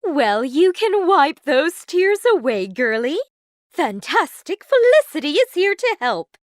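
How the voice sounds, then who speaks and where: A woman voicing a cheerful, scatterbrained fairy godmother with an airy, unhurried manner. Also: high voice, big pitch swings, no echo, voice pushed up, exaggerated voice. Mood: breezy. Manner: airy, breezy, slightly slower.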